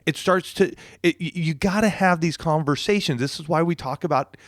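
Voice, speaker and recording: A man co-hosting a marriage podcast, talking in a relaxed, reassuring way with frequent restarts. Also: fairly high pitch, fairly quick, no room sound, studio quality. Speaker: podcast co-host. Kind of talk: casual marriage podcast talk.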